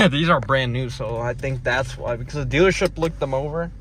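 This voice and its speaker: A man's voice: mid-range voice, normal speed, background noise. A young man vlogging casually from behind the wheel, joking and rambling in slangy, profane chat. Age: young adult. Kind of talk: casual POV driving vlog chat. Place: inside a car while driving.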